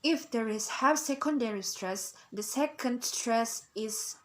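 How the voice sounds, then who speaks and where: Slow, hesitant young woman student. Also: on the high side, low-quality recording. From Indonesia. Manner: hesitant, with many fillers and restarts. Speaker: student presenter. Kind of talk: recorded class presentation. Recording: background music.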